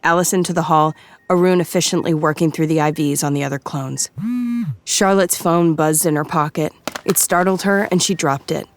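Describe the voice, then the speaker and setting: A woman giving measured, scripted audiobook narration. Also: low voice, a little hiss or hum.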